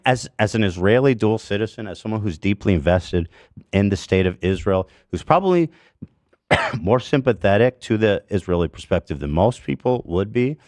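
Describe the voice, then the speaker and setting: A low-pitched man hosts a podcast, ranting angrily with heavy emphasis and plenty of cursing. The recording has studio quality with no echo.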